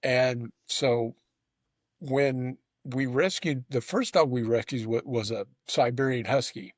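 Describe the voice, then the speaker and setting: A man's voice: mid-range voice, slow, dry recording, clean studio sound. A man hosting a casual conversation, telling a long rambling story with frequent restarts and stammers. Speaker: host.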